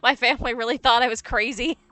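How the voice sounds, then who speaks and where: A woman's voice: fairly high pitch, fast talker. A young woman from the United States co-hosting a game stream, telling stories with lots of laughter and fillers. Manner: animated storyteller, laughs often, many fillers. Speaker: streamer co-host. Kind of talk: casual chat over gameplay.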